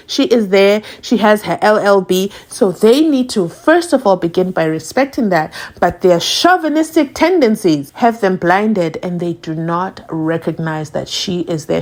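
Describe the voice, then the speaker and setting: A woman hosting a commentary channel, reacting emphatically and quickly to viewer comments in casual talk. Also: medium pitch. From South Africa. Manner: animated, emphatic, talks fast.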